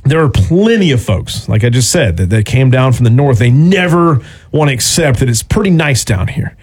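A man's voice: medium pitch, expressive, moderate pace, darkish tone, husky. Playful male sports radio host. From American South. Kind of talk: casual morning sports radio chat.

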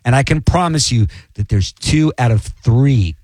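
A man's voice: mid-range voice, expressive, unhurried, darkish tone, no room sound. A man in casual chat, rambling loosely and cracking self-mocking jokes about his show. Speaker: touring comedian, guest.

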